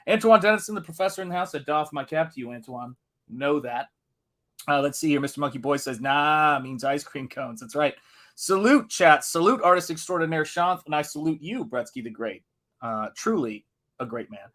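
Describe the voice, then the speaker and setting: A man's voice: fairly high pitch, expressive, moderate pace, a bit bright. A man hosting a live art stream in a casual, upbeat way, greeting chat viewers one by one. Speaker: livestream host.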